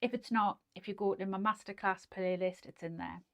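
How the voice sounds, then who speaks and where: A woman from North East England with a Geordie accent hosts a relaxed sewing livestream, talking through viewer comments. Her mid-range voice is steady, fairly quick and fairly bright, full of fillers and restarts, and now and then she drops almost to a whisper.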